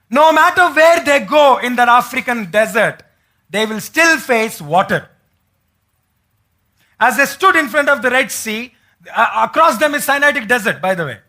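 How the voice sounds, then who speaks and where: A pastor delivers a sermon in church, his high, bright voice carrying it. He asks the congregation questions and acts out the words of biblical figures as he goes. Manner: preaching with rhetorical questions to the congregation.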